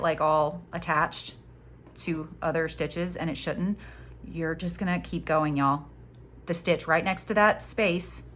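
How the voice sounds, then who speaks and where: A woman leads a laid-back crochet tutorial, chatting playfully, poking fun at herself, and cheering her viewers on as she works. She's animated, and her pitch leaps upward whenever she gets excited.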